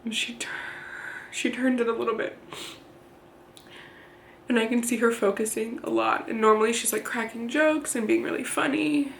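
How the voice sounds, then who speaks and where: A woman in her thirties speaks in a candid, plain-spoken way, often pausing and restarting. Her voice sits a little high and carries a gravelly, creaky edge. She records a personal vlog in a room with noticeable echo. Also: steady tone, slight background noise. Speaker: vlogger. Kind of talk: personal storytelling to camera.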